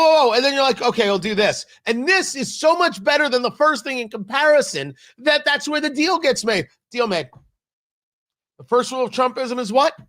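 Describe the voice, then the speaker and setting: A male talk show host with a fairly high voice that swings widely up and down. He argues his points with energy and acts out quotes with sudden loud bursts. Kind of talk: opinionated political talk.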